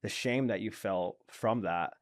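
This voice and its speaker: A man's voice: lowish voice, a little slow, no room sound, studio quality. A man hosting a podcast, reflectively summing up what his guest has told him. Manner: reflective, sums up the guest's story. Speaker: podcast host. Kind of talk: casual interview conversation. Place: podcast studio.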